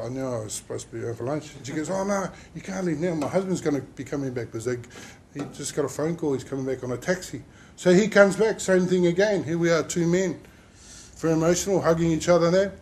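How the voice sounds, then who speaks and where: A man's voice: fairly high pitch, a little mellow, a little hiss or hum. A man telling an emotional personal story in a workplace safety talk. He rambles and uses many fillers as he speaks. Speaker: injured worker sharing his story.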